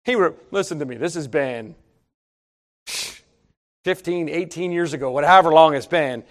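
A man's voice: on the high side, moderate pace. A middle-aged man preaching a sermon, telling folksy stories and talking straight to the congregation. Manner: folksy, storytelling preacher, addresses congregation directly. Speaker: pastor.

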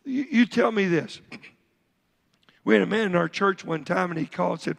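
A man's voice: sits high, normal speed, creaky, a bit bright. A man preaching a midweek sermon as pastor, asking his congregation questions and telling stories from church life. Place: church sanctuary. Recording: long church hall reverb.

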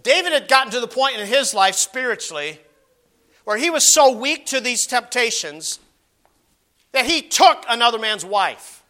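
A man preaching a sermon, moving between emphatic exclamations and quiet asides, and reading scripture aloud in slow measured phrases. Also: very high-pitched, expressive. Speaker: pastor. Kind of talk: expository sermon.

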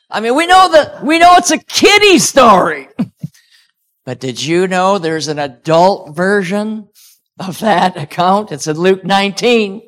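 A man's voice: high voice, animated, takes it slowly, fairly bright tone. A man preaching a sermon, praying and telling stories in an earnest way. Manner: earnest, storytelling with chuckles.

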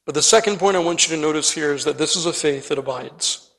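A man's voice: fairly high pitch, quick pace, fairly bright tone, long reverb tail, low-quality recording. A man preaching a sermon, earnest and emphatic, often calling his listeners friend.

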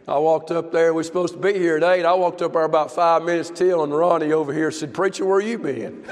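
An older man preaching a folksy, impassioned sermon that builds to shouts. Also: a little high, little pitch movement, a little fast. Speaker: pastor. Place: church service. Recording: long church reverb.

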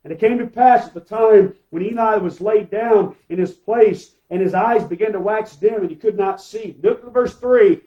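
A man's voice: high voice, normal speed, hardly any pauses, lo-fi sound. A male pastor preaching a sermon, emphatic, asking rhetorical questions and calling for amens from the congregation.

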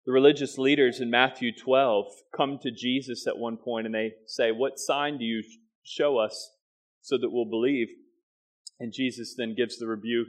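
A pastor preaching a sermon, with emphatic stressed phrases and quick asides. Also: male voice, mid-range voice, fairly bright tone.

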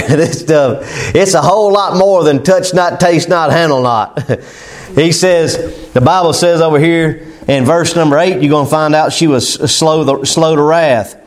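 A pastor with a notably high-pitched voice delivers a sermon. He talks to the congregation like neighbors, folksy and conversational, chuckling at his own examples. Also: measured pace.

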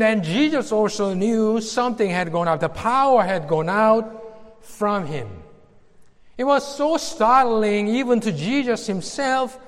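A male preacher giving a sermon, slow and emphatic, with dramatic pauses. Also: high-pitched, long reverb tail.

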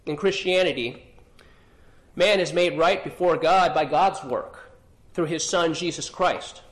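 A man preaching an expository sermon, earnest, often repeating and restarting phrases and clearing his throat. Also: on the high side, a little slow. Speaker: pastor.

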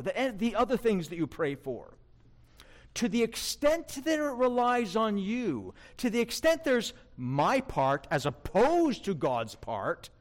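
A male preacher giving an emphatic sermon, asking his listeners rhetorical questions. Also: sits high.

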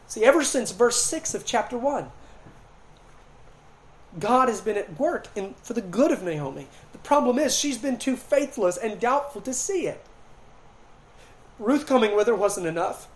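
A man delivering an impassioned sermon from the pulpit. He swings from quiet, hushed reflection to loud, fervent appeals, acting out the people in the passage. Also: high voice, rough recording. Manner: impassioned preaching with dramatic retellings of scripture. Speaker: pastor.

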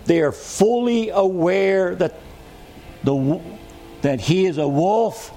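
Slow, emphatic preaching man. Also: sits high, warm tone, faint music behind. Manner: slow, emphatic preaching with repetition and rhetorical questions. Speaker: pastor. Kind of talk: sermon. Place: church hall with a congregation.

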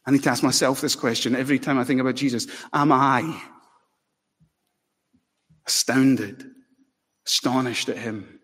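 A man preaching a sermon with passion, building to loud emphatic peaks. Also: mid-range voice, fairly even intonation, normal speed, long pauses, breathy edge. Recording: long hall reverb.

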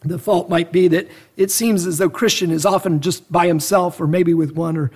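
High-voiced preacher asking probing questions. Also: male voice, fairly even intonation, moderate pace, a little mellow, husky. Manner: probing rhetorical questions, earnest exhortation. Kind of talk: sermon.

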